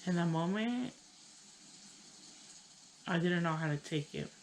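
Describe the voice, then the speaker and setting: Low-voiced woman telling a story, casual. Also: lively intonation, slight background noise, rough recording. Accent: Chicano English. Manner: heavy use of "like" and "you know", halting. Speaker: vlogger.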